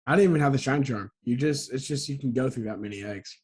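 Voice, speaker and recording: A man's voice: mid-range voice, quick pace, darkish tone, breathy edge. Casual male co-host, rambling storyteller who corrects himself mid-sentence. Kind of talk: casual chat.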